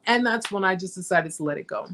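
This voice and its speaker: A woman's voice: mid-range voice, lively intonation, quick pace, fairly bright tone, slight background noise. A middle-aged woman hosting a live chat, telling her own story in an emphatic, repetitive way and often speaking straight to her viewers. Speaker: host of a survivor support live chat. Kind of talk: emotional live-stream storytelling.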